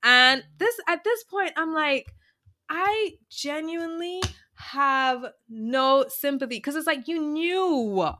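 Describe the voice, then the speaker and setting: A woman's voice: high voice, expressive, slow, pushed and bright, slight background noise. A woman co-hosting a podcast, chatting casually and animatedly, laughing often as she retells a reality show. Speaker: podcast co-host. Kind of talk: casual chat.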